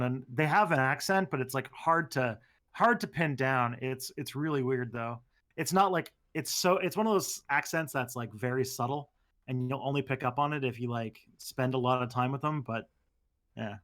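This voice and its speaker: A man with a bright, forward voice chatting on a podcast. He throws in quick, joking asides. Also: mid-range voice. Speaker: podcast guest. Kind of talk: casual chat.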